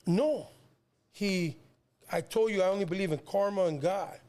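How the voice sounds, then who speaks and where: Speaking at normal speed in a high-pitched, slightly mellow voice, a San Diego man in his fifties tells a lengthy personal story. He's a rapper on as a guest, and his casual storytelling rambles, leans on slang, and repeats words frequently.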